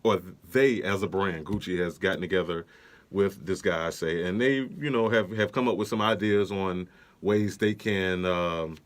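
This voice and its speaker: A man's voice: sits low, normal speed. A young man co-hosting a podcast in casual chat, laid-back with many fillers and restarts. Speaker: podcast co-host.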